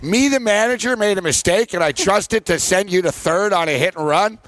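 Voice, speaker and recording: A man's voice: high voice, moderate pace, fairly bright tone, dry recording. A man hosting a sports betting show, teasing a colleague in casual banter, rambling and full of fillers.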